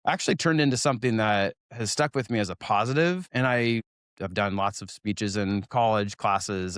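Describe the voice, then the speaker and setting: With a lowish, smooth voice and a fairly bright tone, this Oregon man in his forties is recorded in a clean studio free of room sound. He appears as an interview guest, telling self-deprecating stories from school and laughing as he speaks.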